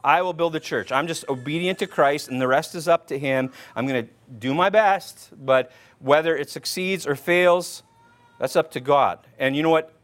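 A man's voice: a little high, moderate pace, fairly bright tone. A man preaching a conversational sermon, quoting old-style scripture and often checking in with "right?" as he talks. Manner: informal, repeats "right?" often, restarts words; quotes King James scripture aloud. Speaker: pastor.

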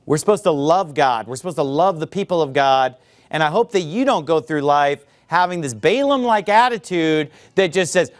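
A man's voice: on the high side, expressive, moderate pace. A man preaching a sermon, speaking emphatically, drawing out key words and addressing the listeners directly as folks. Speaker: pastor.

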